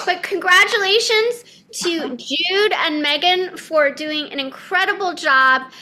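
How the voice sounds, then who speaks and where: A woman running an improv game on a video call, bubbly and excitable. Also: extremely high pitch, takes it slowly. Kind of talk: lively online improv show chat.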